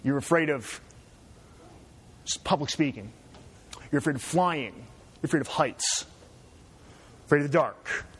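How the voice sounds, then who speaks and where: Chatty male lecturer, higher voice. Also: measured pace, pauses often, fairly bright tone, breathy edge. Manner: chatty, asks students "right?". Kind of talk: classroom lecture.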